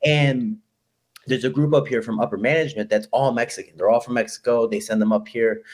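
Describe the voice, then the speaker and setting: A young man from Chicago, a fighter being interviewed, telling stories in an animated, quick, casual way and acting out what people said. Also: mid-range voice. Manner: animated, quick, acts out quoted voices. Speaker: guest fighter.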